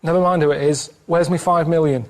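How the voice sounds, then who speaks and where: A man plays a blunt male kidnapper in an improvised radio bit, keeping his own flat voice. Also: fairly high pitch, fairly quick, close to an everyday voice. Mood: threatening.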